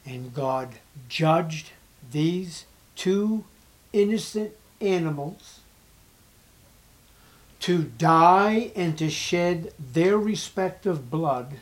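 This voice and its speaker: A male pastor delivers a sermon with dramatic swings in volume, reading scripture loudly, then dropping to hushed, emphatic asides. He speaks slowly and deliberately, his voice sitting a little high for a man. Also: animated.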